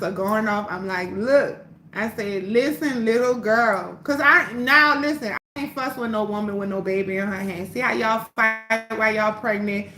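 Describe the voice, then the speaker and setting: High, bright-voiced woman telling a story. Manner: animated, profane, swings between loud and hushed. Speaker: livestreamer. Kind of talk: casual storytelling on a livestream. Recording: roomy echo, faint background hum.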